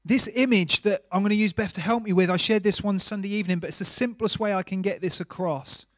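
A middle-aged man preaching a sermon in a church, earnest, dropping to a hush and rising to emphasis. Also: high-pitched, fast, dry recording, studio quality. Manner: earnest, varies volume from soft hush to emphatic. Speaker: pastor.

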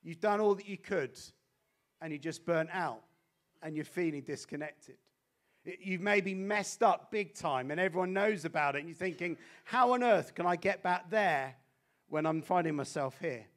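A man preaching a sermon as a guest speaker, animated and swinging between loud exclamations and hushed intensity. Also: fairly high pitch, moderate pace.

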